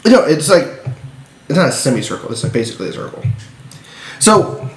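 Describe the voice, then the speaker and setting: A man's voice: fairly high pitch, big pitch swings, fairly quick. A man co-hosting a casual podcast, telling a rambling story with frequent laughter, in an echoey room. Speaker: podcast co-host.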